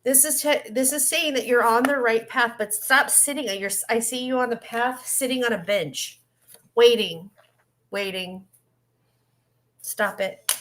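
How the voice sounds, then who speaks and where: A woman's voice: on the high side, moderate pace, few pauses, fairly bright tone. Blunt woman reading tarot cards. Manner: blunt, scolding, tells the listener to stop it. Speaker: psychic reader. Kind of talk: live psychic reading on a stream.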